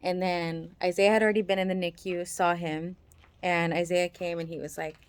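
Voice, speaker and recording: A woman's voice: on the low side, level tone, moderate pace, clean tone. A woman, a mother, casually telling a personal story to the camera. She talks in a chatty way, full of "like" fillers, and often acts out the voices of the people she quotes.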